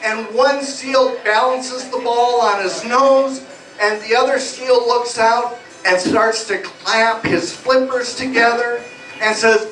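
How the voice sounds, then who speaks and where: A man's voice: extremely high pitch, steady tone, slow pace, a bit bright. A man working as a stage hypnotist, playfully guiding volunteers through suggestions at a live comedy show in a small bar. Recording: echoey bar from far off, music behind.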